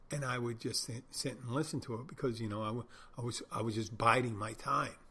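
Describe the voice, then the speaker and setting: A middle-aged man spins loose, wandering stories in a husky voice, stopping to correct himself often. His pitch sits in an ordinary middle range, and his tone stays wry and casual throughout. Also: fairly bright tone. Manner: rambling, self-correcting, wry. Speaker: podcast host, bartender. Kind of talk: casual monologue storytelling.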